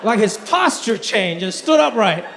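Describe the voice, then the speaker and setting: A young man from Los Angeles doing an animated stand-up set on a comedy club stage into a handheld mic, rising to near-shouts on punchlines. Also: high-pitched, unhurried, creaky, a loud crowd. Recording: live club, audience noise.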